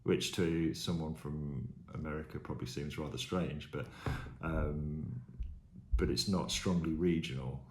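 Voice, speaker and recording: A man in his fifties from Staffordshire, England, answering interview questions in a hesitant, thoughtful way, pausing and adding little asides. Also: very deep voice, fairly even intonation, darkish tone. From England, grew up in Staffordshire. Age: 50s. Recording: echoey room with faint background noise.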